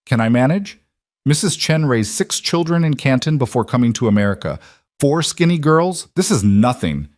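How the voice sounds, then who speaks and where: A man voicing a brisk, motherly Chinese cook in her fifties who scolds in clipped broken English. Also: medium pitch, very animated, dry recording, clean studio sound, pitched above the performer's own voice, close to an everyday voice. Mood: bossy warm. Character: bustling motherly older Chinese cook woman.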